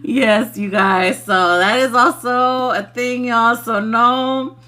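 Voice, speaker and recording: A woman's voice: on the high side, fairly even intonation, takes it slowly, pushed and bright. A woman giving a casual spiritual livestream message, chatty and loose, laughing often.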